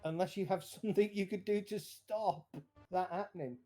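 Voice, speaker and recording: Quick, playful game master, mellow tone. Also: male voice, high voice. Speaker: dungeon master. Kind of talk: narrating a tabletop game.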